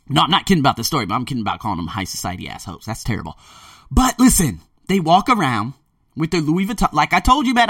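A man's voice: on the high side, pushed and bright, dry recording, studio quality, far from the mic. A man giving a casual, rambling monologue about a book, emphatic and often profane. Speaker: podcaster discussing a book.

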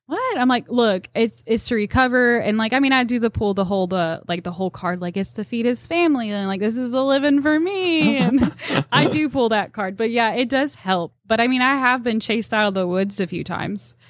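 A young woman, a deer tracker on a podcast, telling animated stories and acting out quotes with laughs. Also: on the high side, a little fast, no room sound, clean studio sound. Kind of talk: casual storytelling chat.

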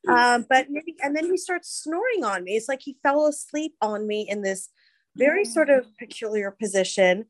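A woman's voice: a little high, lively intonation, normal speed, no echo. A woman guest, chatting casually and emotionally about her story. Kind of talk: casual interview chat.

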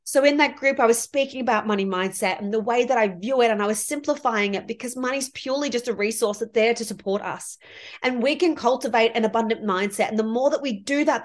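Woman coach doing a solo podcast, kinda high voice, gushing and heartfelt. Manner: heartfelt, effusive, spiritual coaching talk. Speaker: podcast host and money mindset coach.

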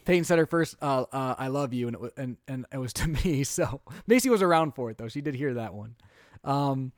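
A man in his thirties, a podcast co-host and father, chatting casually and telling animated stories. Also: mid-range voice, a little fast, no echo, studio quality. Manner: chatty, animated storytelling with quoted voices. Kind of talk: casual chat.

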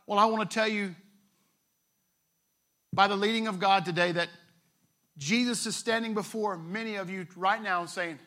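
A man's voice: sits high, steady tone, moderate pace, pauses often, sharp tone. A male pastor, preaching a sermon in a conversational way, retelling scripture with playful asides.

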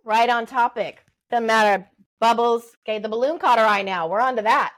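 A middle-aged woman giving parenting advice in a podcast interview, lively and acting out little exchanges with babies. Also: a little high, moderate pace. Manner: animated, acts out parent-baby talk. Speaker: guest, early development expert.

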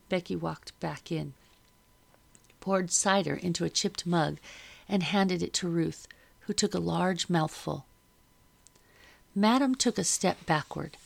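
A woman reading a first-person novel aloud as audiobook narrator, steady and measured. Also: on the low side, creaky.

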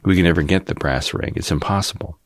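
A man's voice: low voice, fast, dry recording, clean studio sound. A man in his fifties, from the Cleveland area, ranting in a cynical, rambling casual monologue as host of his own channel. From Cleveland, Ohio area. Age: 50s. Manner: cynical, rambling, mocks folksy TV voices.

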